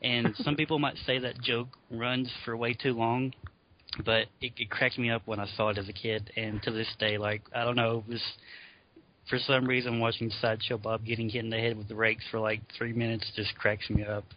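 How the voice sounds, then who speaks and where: A man's voice: mid-range voice, flat delivery, normal speed. A man co-hosting a podcast, chatting casually and laughing as he retells favorite scenes. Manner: laughs often while recounting scenes. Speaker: podcast co-host. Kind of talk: casual chat. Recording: dull lo-fi audio.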